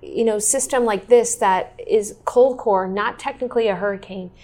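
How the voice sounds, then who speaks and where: A woman in her thirties hosting a casual chat, explaining history in a lively, chatty way. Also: medium pitch, moderate pace. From Kansas City area. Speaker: weather show host.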